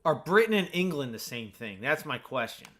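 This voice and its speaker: A man's voice: mid-range voice, big pitch swings, moderate pace, a bit bright. An American man chatting in a rambling, filler-heavy way while playing a video game. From United States. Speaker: gaming streamer.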